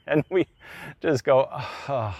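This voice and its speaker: A man's voice: medium pitch, animated, unhurried, no room sound, muffled recording. A middle-aged man, a pastor, preaching a conversational sermon and acting out the people he quotes.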